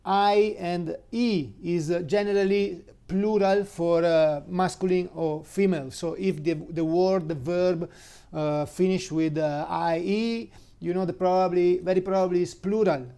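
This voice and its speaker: Speaking with a high, steady voice whose tone is dark and clean, this native Italian man teaches an informal language lesson in his Italian accent. He halts often, leans on fillers, and spells words letter by letter.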